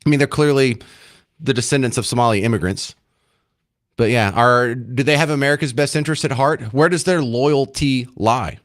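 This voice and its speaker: A man's voice: medium pitch, normal speed. A man hosting a talk radio show, giving emphatic, indignant commentary.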